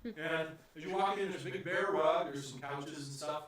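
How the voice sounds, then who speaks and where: A man's voice: a little high, normal speed, fairly bright tone, heavy reverb, far from the mic. A man narrating as game master of a tabletop game, rambling with many fillers.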